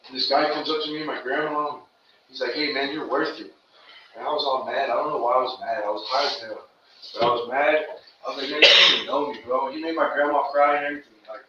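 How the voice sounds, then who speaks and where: A man tells his own recovery story in an earnest, rambling way, full of casual slang. He sounds far from the microphone in a very echoey room. The recording is muffled and carries clear background noise. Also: medium pitch, sharp tone. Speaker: recovery meeting speaker. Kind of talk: personal testimony.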